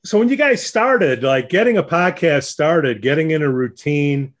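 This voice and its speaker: A man's voice: on the high side, lively intonation, moderate pace. A man hosting a radio show, interviewing guests in an easygoing, teasing way. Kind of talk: casual interview.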